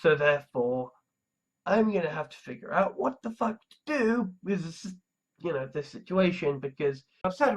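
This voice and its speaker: A man's voice: a little high, animated, moderate pace. A man talking casually and profanely, asking exasperated rhetorical questions. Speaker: host. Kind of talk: casual ranting commentary.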